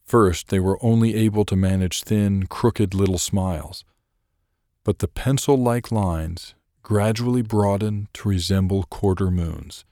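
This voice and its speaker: Deep-voiced male audiobook narrator. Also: unhurried, warm tone, no room sound, studio quality. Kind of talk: scripted narration.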